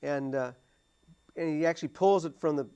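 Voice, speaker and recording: A man talking casually about a movie on a studio discussion show, halting and full of restarts. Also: fairly high pitch, mellow, smooth, highs cut off. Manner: halting, many restarts and fillers. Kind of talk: casual chat about a film. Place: cable TV studio.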